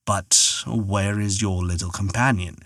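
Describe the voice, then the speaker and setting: A man voicing a kindly old giant in a storybook reading, speaking low, soft and unhurried. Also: steady tone, no echo, studio quality. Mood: gentle. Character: kindly old male giant, gentle, later awed.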